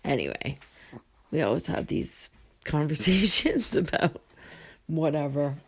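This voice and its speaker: A woman's voice: low voice, expressive, unhurried, slightly rough. A woman in her forties chatting casually and teasingly to the camera as a mother. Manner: playful, laughing, teasing. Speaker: vlogger, mother. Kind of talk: casual chat.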